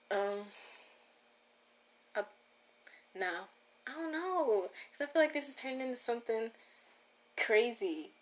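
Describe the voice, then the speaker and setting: A woman hosting a casual solo podcast, rambling and breaking off her own sentences as she talks straight to her listeners. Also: mid-range voice. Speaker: podcast host.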